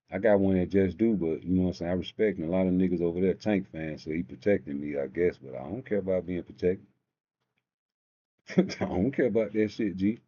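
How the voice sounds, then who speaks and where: A man's voice: low-pitched, warm tone, slightly rough. A man hosting a live stream, rambling through profane stories in a casual rant. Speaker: live show host. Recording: dull lo-fi stream audio.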